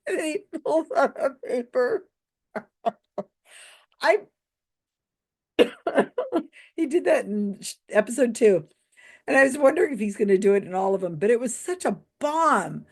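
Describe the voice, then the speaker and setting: A woman's voice: medium pitch, lively intonation, unhurried, a little mellow. A woman who works in mentalism, giving a casual commentary monologue, amused and laughing often as she retells what she saw. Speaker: YouTube commentator.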